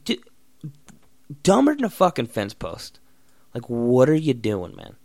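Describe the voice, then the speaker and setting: Young male podcast host, profane sarcastic ranter, animated delivery, dead-dry room sound. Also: mid-range voice, unhurried, dry recording. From Oregon. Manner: profane, blunt, sarcastic ranting. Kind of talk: solo ranting podcast.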